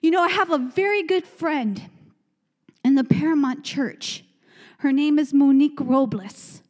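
High-voiced woman preaching with fervor in a hall. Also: measured pace, a little mellow. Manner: fervent, call-and-response, repetitive emphatic phrases. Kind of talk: sermon. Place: church sanctuary. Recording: long church hall reverb.

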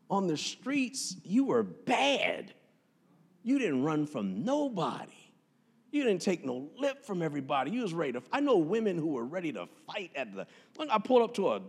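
A man's voice: fairly high pitch, big-room sound. A man preaching a sermon as pastor, punchy and joking, with street slang. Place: church sanctuary.

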